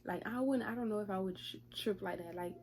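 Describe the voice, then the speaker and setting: A young woman vlogger in casual storytime, retelling events in a profane, chatty, lively way. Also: mid-range voice, fast, slight background noise.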